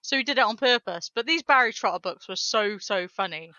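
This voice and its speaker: A chatty woman co-hosting a casual geeky podcast. Her voice is bright and forward. The recording is dry and slightly lo-fi. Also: mid-range voice, animated, fairly quick, dry recording. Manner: chatty, laughs often, retells stories with restarts. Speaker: podcast co-host. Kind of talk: casual chat.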